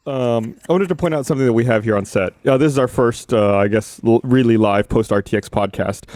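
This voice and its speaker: A man hosting a podcast, talking in a dry, measured way with halting fillers. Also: mid-range voice, a little mellow, no echo. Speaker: podcast host. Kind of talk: casual chat.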